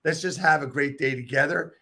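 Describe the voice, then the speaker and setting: A man's voice: fairly high pitch, brisk, sharp tone. A man hosting an interview show, talking in an enthusiastic, rambling way with many restarts. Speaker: podcast host. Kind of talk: casual interview chat.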